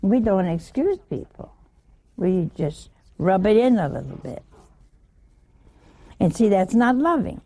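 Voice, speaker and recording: A woman's voice: mid-range voice, very animated, unhurried, long pauses, mellow. An older woman giving an informal sermon, chatty and laughing, often asking her listeners questions. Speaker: religious teacher.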